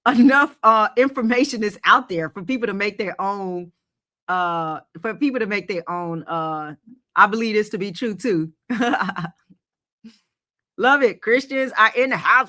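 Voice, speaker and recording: A woman's voice: medium pitch, bright, forceful tone. A woman hosting a live investing stream, talking emphatically to her chat with many rhetorical questions and repetitions. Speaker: host of a crypto investing livestream. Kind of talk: live stream talk reading chat comments.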